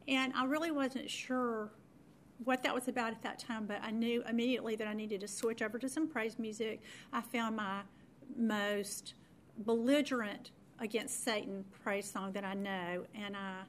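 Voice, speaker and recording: A woman's voice: fairly high pitch, a little hiss or hum. A middle-aged woman, telling a personal faith story in a chatty, self-deprecating way full of fillers and restarts.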